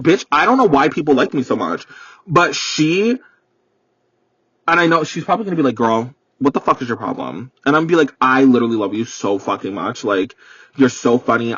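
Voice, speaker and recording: Young male podcast host, dramatic foul-mouthed rambler, slightly husky voice, dull dry recording from a car. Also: mid-range voice, a bit bright, dry recording. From New York. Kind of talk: casual solo storytelling rant. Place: parked car. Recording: dull, muffled sound.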